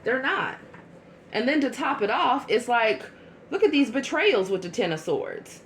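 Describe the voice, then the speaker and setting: A woman's voice: on the high side, unhurried, a little hiss or hum. Chatty blunt woman reading tarot. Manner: chatty, blunt, animated with asides. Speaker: tarot reader. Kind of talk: casual tarot reading monologue.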